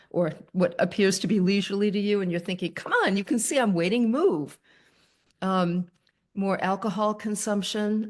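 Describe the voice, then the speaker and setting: An older woman hosting a video call, giving a gentle, thoughtful talk to her viewers. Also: medium pitch. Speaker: host.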